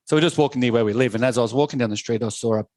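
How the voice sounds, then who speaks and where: A man in his fifties with an Australian accent, a podcast guest telling blunt, animated stories and swearing freely. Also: medium pitch, rapid-fire, dry recording. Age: 50s. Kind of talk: casual podcast chat.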